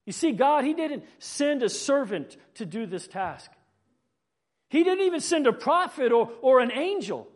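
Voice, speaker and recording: Very high-voiced man preaching. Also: very animated, a little slow. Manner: earnest, building and falling in emphasis; repeats words when thinking. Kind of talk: sermon.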